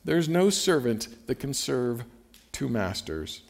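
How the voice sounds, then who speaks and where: A man's voice: medium pitch, sing-song, takes it slowly, creaky. A man preaching a sermon, talking conversationally and emphatically, stopping to read scripture aloud. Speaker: pastor.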